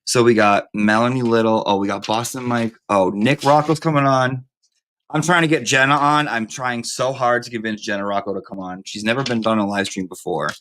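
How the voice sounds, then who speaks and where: A man's voice: mid-range voice, steady tone, fairly quick, a bit bright. A man hosting a live stream in casual chat, campy, profane and rambling.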